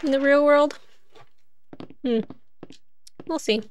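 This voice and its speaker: High-voiced chatty woman streamer. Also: slow pace. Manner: chatty, thinks aloud, laughs often. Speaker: game streamer. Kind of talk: casual gameplay commentary.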